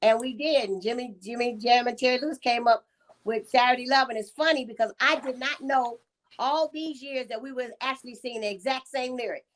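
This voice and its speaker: A woman guest singer chatting casually, telling a story in a warm, chatty way. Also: on the high side, a little fast. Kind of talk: casual interview chat.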